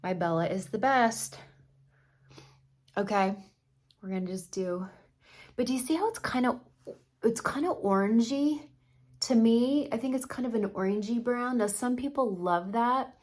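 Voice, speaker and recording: A woman's voice: a little high, a little slow, pauses often, darkish tone. A middle-aged woman talks through a makeup tutorial in a casual, chatty way. She gives her opinions freely as she works on her face. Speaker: makeup artist.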